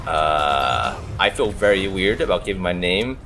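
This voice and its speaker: A man, a gaming channel host, telling a story in a chatty, animated way, full of "like" and "uh". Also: low voice, a little slow, noisy background. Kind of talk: casual storytelling over gameplay. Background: faint background music.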